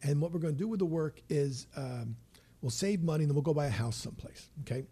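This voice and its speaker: Husky older man, rambling stories. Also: on the high side, fast, dark tone. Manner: rambling, stop-start with repeated words. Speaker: stand-up comedian guest. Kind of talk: casual storytelling chat.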